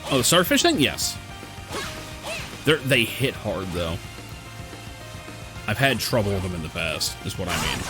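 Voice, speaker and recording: A man's voice: lowish voice, sing-song, unhurried, pauses often. Swearing man streaming a game. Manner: profane, chatty, reads game text aloud. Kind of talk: casual gameplay commentary. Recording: game music behind voice.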